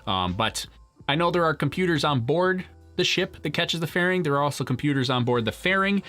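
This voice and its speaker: Rambly guy running a launch livestream, bright forceful voice, faint music under it. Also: on the high side, animated, a little fast. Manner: chatty, rambling, laughs often, many restarts. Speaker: livestream host. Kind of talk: casual live commentary reading chat.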